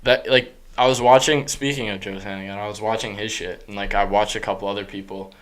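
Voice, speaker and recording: Young male podcast host; casual rambler, fairly low register. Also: steady tone, quick pace, a bit bright. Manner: rambling, heavy use of "like". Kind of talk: casual chat.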